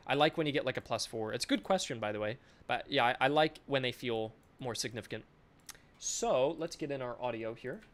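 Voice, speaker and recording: A man's voice: mid-range voice, a little fast, a bit bright. A male game developer thinking aloud in a casual live stream, chatty and self-mocking, swearing offhandedly, speaking into a desk microphone.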